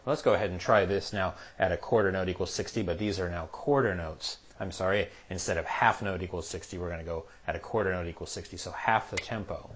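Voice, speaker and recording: Low-voiced man teaching piano, patient. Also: fast, hardly any pauses. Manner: patient, methodical, counts beats aloud. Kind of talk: step-by-step music lesson. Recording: piano playing behind the voice. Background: piano playing.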